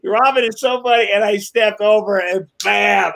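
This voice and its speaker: A man on a podcast as a guest, telling rambling, animated stories, swearing and laughing as he goes. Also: high-pitched, normal speed, creaky, rough recording. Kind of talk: casual chat.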